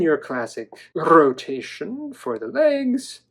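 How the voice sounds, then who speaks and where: Man, toy review vlog, chatty, playful, lively pitch, middle register. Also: unhurried. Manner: enthusiastic, chatty, playful, with some stammering restarts.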